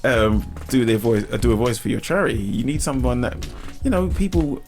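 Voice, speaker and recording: A man's voice: medium pitch, brisk, faint music behind. A man co-hosting a casual comedy podcast, teasing and laughing as he talks. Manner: animated, laughing, teasing banter. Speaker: podcast co-host.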